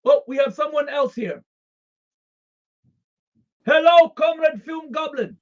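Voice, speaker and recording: Slow and high-voiced, a streamer acts out a devoted Russian communist comrade for a comedic stream, using a fake accent and deadpan, formal broken English. The sound quality is lo-fi.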